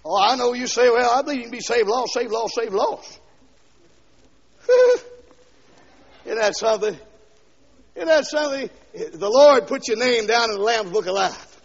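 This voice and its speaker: A man preaching a fiery revival sermon, dropping to quiet asides and then shouting and singing out lines, heard on a dull 1970s LP recording from a church. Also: extremely high pitch, expressive, moderate pace, vocal fry, slightly rough. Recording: dull 1970s LP recording with long hall echo.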